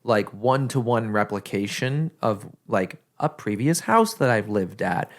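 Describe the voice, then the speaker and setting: A man's voice: fairly low pitch, lively intonation, measured pace. A man with a Midwestern accent, co-hosting a podcast in casual chat and rambling while he searches for words. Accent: Midwestern American. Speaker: podcast co-host.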